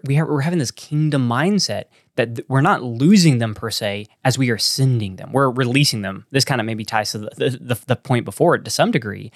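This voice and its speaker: A man's voice: mid-range voice, no room sound. A Texan man talks about his church in an earnest, meandering way. He circles back and restarts his sentences as he thinks aloud. His voice sounds close and dry, with no room around it. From Texas. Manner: earnest, rambling with many restarts and fillers. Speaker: church planting pastor. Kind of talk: casual podcast conversation.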